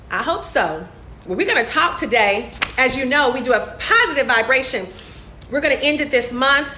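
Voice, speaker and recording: Bubbly high-voiced woman, slightly hoarse. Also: animated, normal speed, bright, forceful tone, a little hiss or hum. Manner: upbeat, greets viewers by name, laughs often. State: hoarse, losing her voice. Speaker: motivational speaker hosting a live stream. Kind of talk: lively motivational live-stream chat. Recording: echoey room.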